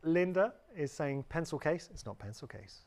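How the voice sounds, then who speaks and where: A man's voice: a little high, animated, normal speed, a little mellow. A British man presenting on a live shopping channel in a chatty, upbeat way, often correcting himself. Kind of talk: live TV sales pitch. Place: TV studio.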